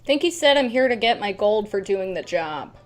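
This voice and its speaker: A woman's voice: medium pitch, animated, fairly quick. A woman playing a tabletop game, making playful, dry remarks as her character. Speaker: player. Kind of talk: casual tabletop game play.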